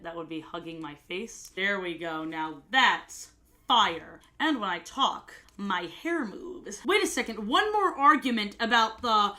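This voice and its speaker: A woman's voice: mid-range voice, expressive, sharp tone, a little hiss or hum. A woman in her twenties chatting casually and joking while she does cosplay makeup. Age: 20s. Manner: chatty, joking, quick asides. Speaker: cosplay vlogger.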